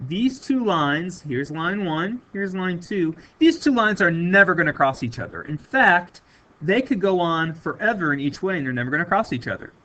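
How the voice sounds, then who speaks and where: A man's voice: sits high, lively intonation, moderate pace, bright, forceful tone. A man teaching a recorded math lesson, stressing and repeating key words for his students.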